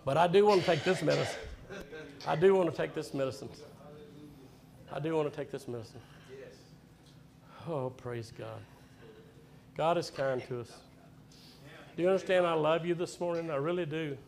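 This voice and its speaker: A man preaching in a church, exuberant, shouting praises and singing in between. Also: a little high, moderate pace, vocal fry, pauses often, a crowd in the background. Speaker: pastor. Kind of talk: sermon. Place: church sanctuary.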